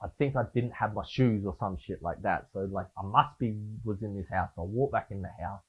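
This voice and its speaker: A man's voice: lowish voice, brisk, husky. A man with an Australian accent, a guest telling laid-back, swear-heavy stories in a casual interview. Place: studio. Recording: phone-like lo-fi sound.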